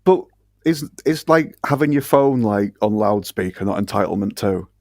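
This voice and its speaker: A man on a podcast complains bluntly, swearing as he goes. His voice sits at an ordinary pitch and sounds dry and close to the mic. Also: lively intonation, moderate pace, darkish tone, no room sound. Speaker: podcast guest. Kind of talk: casual podcast chat.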